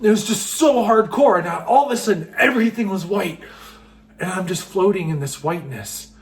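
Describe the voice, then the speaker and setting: A young man with a high voice tells a personal story in a casual, excitable way. He rushes through it with plenty of "like" and "just". His delivery is animated and loose.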